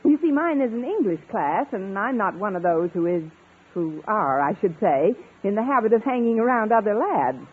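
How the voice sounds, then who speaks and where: An actress playing a quick-witted, wisecracking woman English teacher in a 1950s radio comedy. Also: medium pitch, sing-song, slightly rough. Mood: playful. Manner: wisecracking, playful. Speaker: schoolteacher. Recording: tinny old radio broadcast with studio audience laughter.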